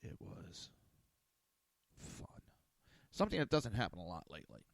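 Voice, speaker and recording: Male podcast host, low voice, rambling, profane, exasperated, dry close sound. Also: wildly swooping pitch, moderate pace, gravelly, no echo. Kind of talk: casual ranting talk show.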